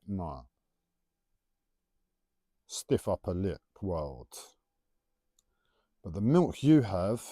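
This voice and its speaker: Animated man musing playfully. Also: deep voice, dry recording, studio quality. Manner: playful, rambling, teasing. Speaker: livestreamer. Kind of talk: casual spiritual musing monologue.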